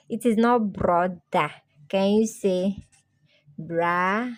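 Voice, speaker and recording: A woman teaching a pronunciation lesson, saying each word slowly and asking listeners to repeat after her. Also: medium pitch. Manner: repeats words slowly for students to echo. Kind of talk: slow, drilled pronunciation lesson.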